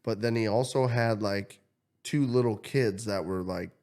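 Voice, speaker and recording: Male podcast host, lively storyteller who swears a lot and voices his characters. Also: lowish voice, measured pace. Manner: animated, swears freely, acts out quotes. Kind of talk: casual storytelling chat.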